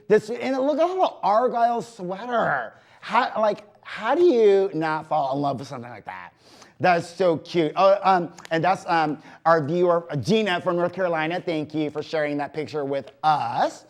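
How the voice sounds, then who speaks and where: A man hosting a community TV variety show from a studio, talking in a gossipy, animated, casual monologue full of "like" and "you know". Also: high-pitched, moderate pace.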